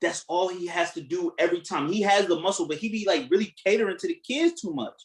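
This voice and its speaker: A man co-hosting a podcast, chatting casually, animated and profane, laughing as he tells stories. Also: sits high, quick pace, roomy sound, rough recording. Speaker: podcast co-host. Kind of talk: casual chat.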